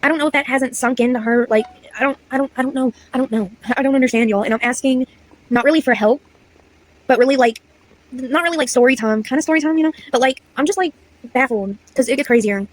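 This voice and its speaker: Young woman, slightly high voice, chatty, exasperated, story-time vlog, reading texts aloud. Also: fast talker, low-quality recording. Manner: chatty, exasperated, slangy asides. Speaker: content creator.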